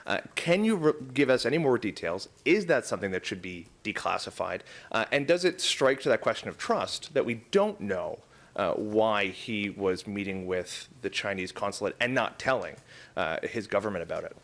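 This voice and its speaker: A man's voice: fairly low pitch, very animated, moderate pace, fairly bright tone. A male reporter at a news conference asking pointed, probing follow-up questions.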